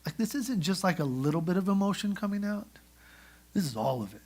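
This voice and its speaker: A man preaching a sermon in church, telling the story in a lively way and acting out the characters. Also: high voice, brisk. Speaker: pastor. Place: church sanctuary.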